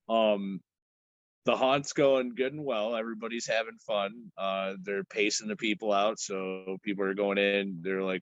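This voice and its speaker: A man's voice: lowish voice, fairly even intonation, normal speed, no echo, lo-fi sound. A man co-hosting a podcast, loosely retelling a horror movie scene by scene. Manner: loose, rambling retelling with acted-out quotes. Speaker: podcast co-host. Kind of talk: casual film discussion.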